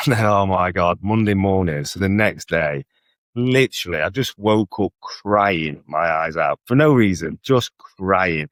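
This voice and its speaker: A man telling stories in a casual interview, animated, often checking in with tag questions. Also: sits low, a little slow, no echo. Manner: animated storyteller with frequent tag questions and laughter. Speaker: guest bodybuilder.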